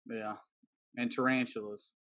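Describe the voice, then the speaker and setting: A man chatting casually as a podcast co-host, with wry, quick asides. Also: mid-range voice, level tone, fairly bright tone. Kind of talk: casual chat.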